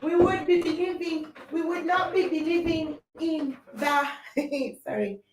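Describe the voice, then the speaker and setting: A woman's voice: extremely high pitch, measured pace, noisy background. A young adult woman hosting a livestream, giving an impassioned opinion talk and reading out viewer comments, with emphatic, repetitive rhetorical phrasing. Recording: roomy, distant mic.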